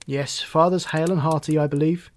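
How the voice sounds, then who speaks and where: A man reading the part of an earnest young man returning home, speaking in a lively, emphatic way. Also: on the high side, fairly quick, lightly acted.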